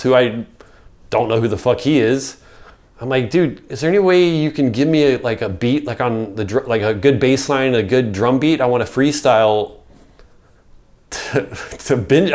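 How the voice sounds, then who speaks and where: Chatty middle-aged man telling a story. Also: medium pitch. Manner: rambling, peppered with "like" and swearing. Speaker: podcast guest. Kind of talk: casual storytelling.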